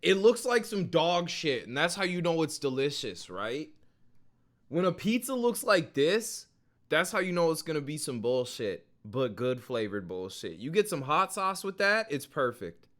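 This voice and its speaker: A man's voice: fairly high pitch, very animated, normal speed, a bit bright. A man streaming casual reactions, joking and swearing loosely as he talks to his chat. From Minnesota.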